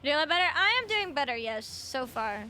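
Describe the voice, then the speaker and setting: A woman's voice: sits high, very animated, moderate pace, sharp tone, soft background music. A young woman streaming a video game, chatting casually with her viewers, swearing freely and sounding a little tired and short on sleep. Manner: chatty, swears freely, greets chat by name.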